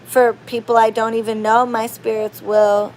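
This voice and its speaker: A woman chatting casually to her viewers, rambling and expressive, going from loud outbursts to low murmurs. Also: moderate pace, slight background noise. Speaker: spiritual practitioner and channel host. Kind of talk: casual chat to camera.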